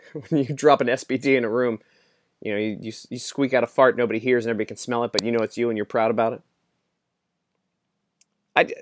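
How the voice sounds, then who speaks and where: A man's voice: mid-range voice, no room sound, studio quality. A man delivering a rambling, sarcastic political opinion monologue, laughing often as he mocks. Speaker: political commentator.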